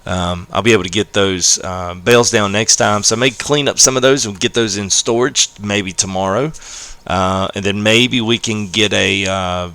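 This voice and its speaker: A man live-streaming a farming game, explaining casually with many fillers and greeting chat, his voice a little hoarse. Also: lowish voice, normal speed, no room sound. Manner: rambling, many fillers, friendly shout-outs to chat. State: slightly hoarse.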